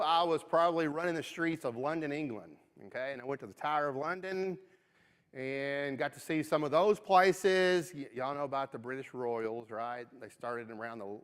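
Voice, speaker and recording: A man's voice: fairly high pitch, clean tone. West Kentucky man teaching a Bible class. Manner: conversational, frequent "okay?" check-ins. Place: church auditorium. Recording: long reverb of a church auditorium.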